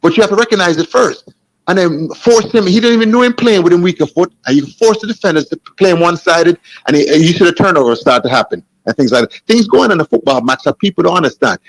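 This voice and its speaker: Animated Jamaican coach. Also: male voice, sits high, fast talker, poor audio. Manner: animated, restarts sentences, asks "you understand?". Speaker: football coach. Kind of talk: casual chat.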